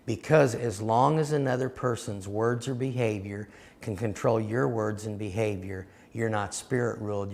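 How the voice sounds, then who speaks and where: A man's voice: fairly low pitch, creaky. A man teaching a sermon seminar, telling stories and speaking in an emphatic, direct way. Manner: recounts dialogue, emphatic and direct. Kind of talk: storytelling sermon.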